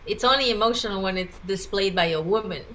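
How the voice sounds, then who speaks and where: A woman's voice: medium pitch, quick pace, bright, forceful tone, a little hiss or hum, low-quality recording. A woman co-hosting a livestream, talking candidly in casual chat and laughing between phrases. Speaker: livestream co-host.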